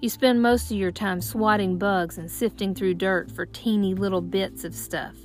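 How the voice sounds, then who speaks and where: A woman voicing an anxious, earnest boy in an audiobook, his lines pitched higher than her narration. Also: fairly even intonation, normal speed, soft background music, close to an everyday voice. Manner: earnest and worried. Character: anxious modern boy, tearful and worried.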